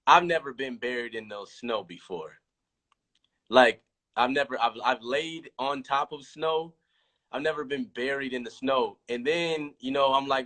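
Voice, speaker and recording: A man's voice: mid-range voice, a little slow, fairly bright tone. A man from California, in his thirties, chatting casually on a livestream, rambling and restarting, acting out quoted lines. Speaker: rapper talking on a livestream.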